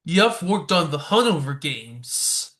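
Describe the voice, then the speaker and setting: Man, podcast host, short prepared questions, slow, high voice. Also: sing-song, a bit bright. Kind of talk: interview questions.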